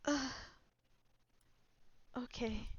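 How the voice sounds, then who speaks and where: A woman's voice: fairly high pitch, steady tone, drawn-out words, breathy edge, no room sound, dull audio. A woman playing in a tabletop game, chatting casually and expressively. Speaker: player. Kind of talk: casual play chat.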